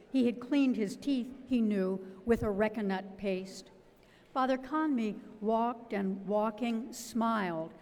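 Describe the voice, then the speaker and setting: A woman reading a novel aloud at a public literary event, with a measured, expressive delivery. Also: a little high. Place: event hall. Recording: long hall reverb.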